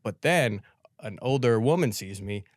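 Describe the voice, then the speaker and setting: A man's voice: mid-range voice, expressive, measured pace, dry recording, studio quality. A man from New York, hosting a podcast, telling a rambling anecdote full of "like" and acting out what other people said. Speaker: podcast host. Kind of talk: casual storytelling chat.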